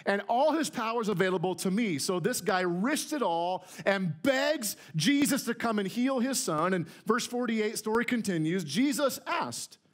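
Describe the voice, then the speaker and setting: A man's voice: high-pitched, lively intonation, moderate pace, few pauses. A man pastor preaching a conversational, emphatic sermon to his church. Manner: conversational, emphatic, repeats words when starting a phrase. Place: church sanctuary.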